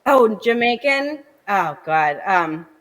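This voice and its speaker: A woman's voice: medium pitch, lively intonation, takes it slowly, a bit bright, in a large hall, rough recording. A young woman guest, a comedian, chatting animatedly in an interview with lots of fillers. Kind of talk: casual interview chat.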